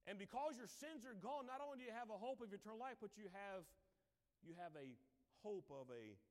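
A man preaching a Sunday sermon, acting out Bible figures in quick voices and breaking into hymn lines. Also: high voice, expressive. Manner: dramatic, acts out Bible characters in voices. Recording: long hall reverb.

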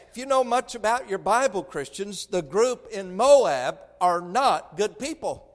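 Guy preaching, stammery storyteller, high voice, big reverb from the church. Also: lively intonation, normal speed, hardly any pauses. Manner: folksy storytelling, stammers on restarts. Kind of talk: sermon.

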